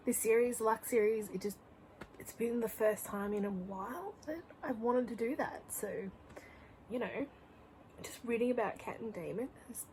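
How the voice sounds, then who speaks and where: A woman's voice: a little high, darkish tone, slight background noise, poor audio. A young woman chatting casually in a reading vlog at home, gushing and rambling, often dropping to a whisper. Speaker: book vlogger. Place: home room.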